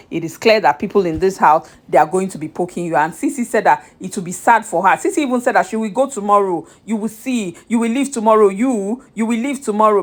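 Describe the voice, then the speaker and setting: A young Nigerian woman vlogging a chatty, exasperated recap of a reality show straight to her viewers. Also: fairly low pitch.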